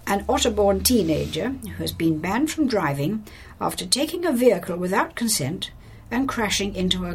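A woman reading local court news aloud in a crisp, matter-of-fact way. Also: lowish voice, slight background noise. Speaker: volunteer news reader.

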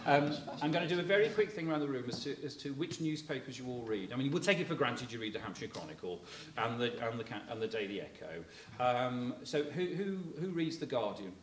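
A man's voice: mid-range voice, lively intonation, brisk, hardly any pauses, a crowd in the background. A middle-aged man gives a chatty, rambling talk to a live audience, chuckling as he tells stories and filling gaps with "you know, kind of thing.". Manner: chuckles while telling stories. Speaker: speaker addressing a local audience. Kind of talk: anecdotal public talk. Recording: echoey room, faint noise.

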